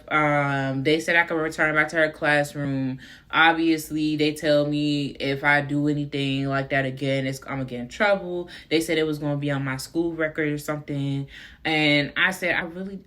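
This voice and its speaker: Bright-voiced young woman telling a story. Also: low voice. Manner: chatty, frequent fillers, addresses viewers as y'all. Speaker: vlogger. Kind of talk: casual storytime monologue.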